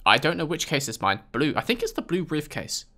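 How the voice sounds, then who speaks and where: A British man talks through a video game, his voice bright and forceful. His pitch swings widely up and down. He answers the game with dry sarcasm and mounting exasperation. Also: sing-song, a little fast. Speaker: gaming video host. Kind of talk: casual gameplay commentary.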